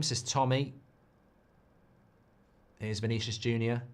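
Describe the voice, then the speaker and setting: A man hosting a live football watchalong stream at a mid-range pitch. He chats loosely, and reads viewer messages aloud between thoughts on the game. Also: lively intonation, normal speed. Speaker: football livestream host. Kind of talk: casual football watchalong chat.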